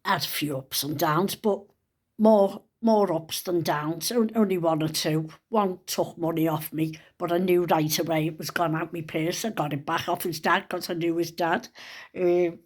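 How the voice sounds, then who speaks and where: In a casual monologue full of swearing, an older woman vlogger rambles through her stories in a chatty way. She speaks at normal speed in a lowish voice with fairly even intonation.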